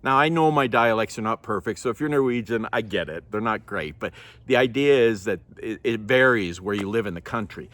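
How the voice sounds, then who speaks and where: A man from Norway chatting casually to camera, laughing now and then and clearing a scratchy throat. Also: lowish voice, a little fast, fairly bright tone. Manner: chatty, laughs often, self-correcting. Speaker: vlogger.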